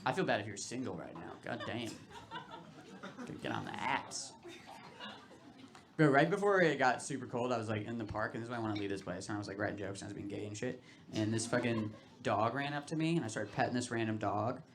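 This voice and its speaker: A man's voice: lowish voice, fairly quick. A young man performing a loose, casual stand-up set, swearing and acting out quotes on a club stage. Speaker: stand-up comedian. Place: comedy club stage with laughing audience. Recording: live club recording with audience noise.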